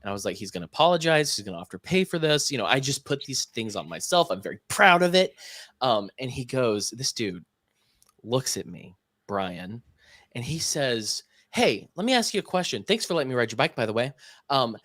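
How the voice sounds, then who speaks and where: A young man on a podcast casually telling an animated story and acting out the dialogue. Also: medium pitch, normal speed, dry recording, studio quality. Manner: animated anecdote teller, acts out quoted dialogue. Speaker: podcast co-host.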